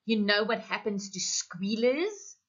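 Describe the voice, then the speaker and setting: A woman's voice: medium pitch, big pitch swings, slow pace, breathy edge, dull audio, full character voice. A woman doing a bitter, menacing jilted wife. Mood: frantic.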